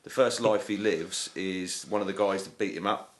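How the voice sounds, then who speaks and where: A man's voice: low-pitched, steady tone, normal speed. A man chatting casually on a podcast, laid-back, swearing and trailing off with ums. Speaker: podcast co-host. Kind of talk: casual chat.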